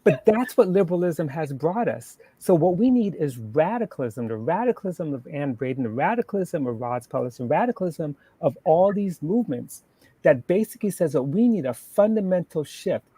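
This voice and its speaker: A man's voice: fairly high pitch, sing-song, moderate pace, mellow, breathy edge, dry recording. A man speaking as a panel guest in a passionate political discussion, emphatic, stacking points into lists and restarting words as he goes. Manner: emphatic, builds lists, repeats words when starting.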